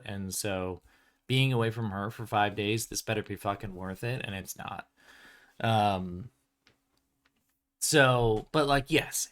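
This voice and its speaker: A man's voice: on the low side, a bit bright. A man who publishes tabletop games, talking casually on his stream in a rambling way, full of "um" and "like" and laughing between thoughts. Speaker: tabletop game publisher and show host. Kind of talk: casual livestream chat.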